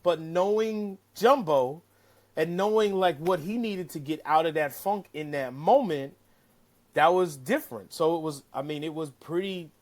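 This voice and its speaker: A man telling a casual, animated story as a guest, cursing freely and acting out what people said. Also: fairly high pitch, measured pace. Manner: animated, profane, acts out quotes. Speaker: caddie-turned-broadcaster guest.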